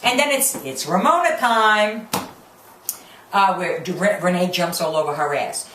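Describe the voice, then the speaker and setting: A woman's voice: mid-range voice, expressive, normal speed, a bit bright, far from the mic, faint music behind. A woman giving a brash, profane, sarcastic comedic rant reviewing a TV show. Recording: roomy, off-mic, faint background hum.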